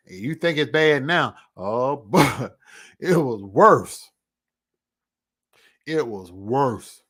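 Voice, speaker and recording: Here a man with a husky, mid-range voice vlogs a personal testimony. His storytelling is earnest, reflective, and conversational, now and then dropping to nearly a hush.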